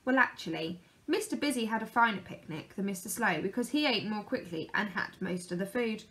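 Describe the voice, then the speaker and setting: A woman reading a children's picture book aloud in a lively, expressive way. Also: mid-range voice, brisk. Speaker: storyteller.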